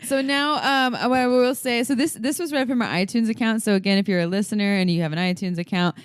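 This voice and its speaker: A woman's voice: a little high, smooth, no room sound, clean studio sound. An enthusiastic woman co-hosting a podcast in upbeat, casual chat. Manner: enthusiastic, upbeat, quick to laugh. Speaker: podcast co-host.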